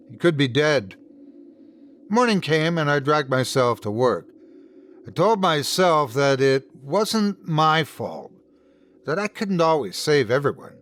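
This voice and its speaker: A man narrating a first-person horror story in an expressive, dramatic storytelling manner. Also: mid-range voice, slight background noise.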